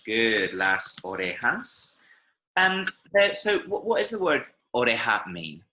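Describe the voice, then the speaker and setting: Lively, bright-voiced male language teacher. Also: medium pitch, measured pace, a little hiss or hum, low-quality recording. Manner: patient, explains and checks understanding. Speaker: Spanish teacher. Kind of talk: online language lesson. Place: online class, speaking from Medellín. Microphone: video call.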